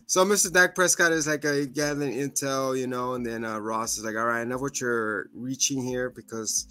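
A man's voice: medium pitch, steady tone, moderate pace, pushed and bright, smooth, no room sound, faint music behind. A man co-hosting a casual podcast chat, laughing often and acting out quotes in funny voices. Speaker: podcast co-host.

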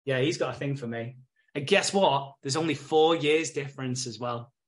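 A man's voice: mid-range voice, normal speed, a little hiss or hum. A British man hosting a podcast, recapping episodes in casual chat, acting out the characters' lines with swearing and frequent laughter. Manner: animated retelling, acts out characters' lines, swears, laughs often.

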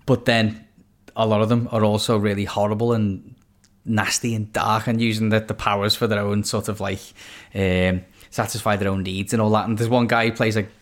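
Brief: man, lower pitch, easygoing rambling chat full of "um" and "like". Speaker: podcast co-host. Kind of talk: casual chat.

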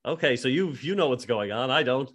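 A man playing an elderly John Lennon with a Liverpool accent, deadpan and rambling as a podcast host. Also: medium pitch, brisk. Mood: wry. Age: 70s. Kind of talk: improvised comedy podcast impression.

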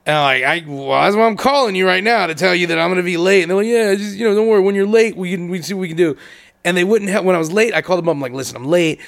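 Gravelly-voiced man telling a story. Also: high-pitched, very fast. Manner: animated, swearing, acts out both sides of conversations. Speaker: podcast co-host. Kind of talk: casual storytelling.

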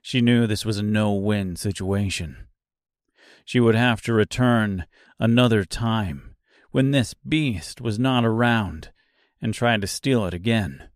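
A man narrating an audiobook in a deliberate storytelling manner. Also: on the low side, dry recording, studio quality.

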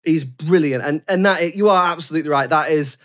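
A British man co-hosting a casual film review chat, halting and full of restarts. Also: fairly high pitch, a bit bright. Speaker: podcast co-host.

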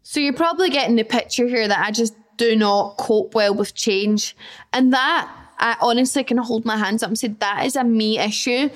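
A woman's voice: a little high, moderate pace. Chatty Scottish woman podcaster. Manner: candid, self-deprecating, acts out her own worried thoughts; swears casually, says "like" often. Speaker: podcast host. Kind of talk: solo casual chat.

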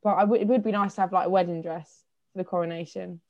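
A woman's voice: lowish voice, fairly even intonation, quick pace, lo-fi sound. A young woman in casual podcast chat, playful and teasing, laughing often. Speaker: podcast guest.

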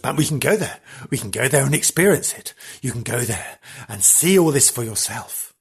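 A theatrical male podcast host spins spooky tales with camp relish. His voice rises and falls all over the place and has a husky edge. He stretches out dramatic sighs for effect. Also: mid-range voice, expressive, normal speed. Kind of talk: comedic storytelling chat.

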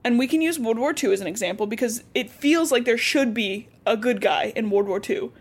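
A woman's voice: a little high, lively intonation, a little fast, slightly rough. A young woman co-hosting a podcast, chatting casually and bluntly about a book, swearing and laughing often. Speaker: podcast co-host. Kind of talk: casual book discussion chat.

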